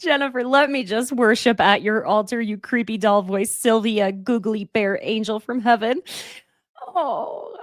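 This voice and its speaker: A woman's voice: on the high side, a little slow, no room sound, clean studio sound. A woman chatting casually as she recaps a reality show, gushing and often laughing. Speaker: recap host.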